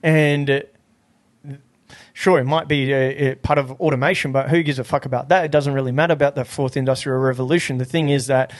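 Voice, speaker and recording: A man's voice: medium pitch, fairly even intonation, brisk, no echo. A man, a podcast guest, chatting casually and eagerly, often agreeing. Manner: eager, frequent agreeing interjections. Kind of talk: casual chat.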